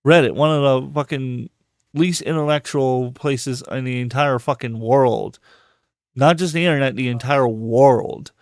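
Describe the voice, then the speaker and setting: A man's voice: medium pitch, moderate pace, dry recording, clean studio sound. A man hosting a live podcast, talking casually in a profane, heated and rambling way. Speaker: podcast host.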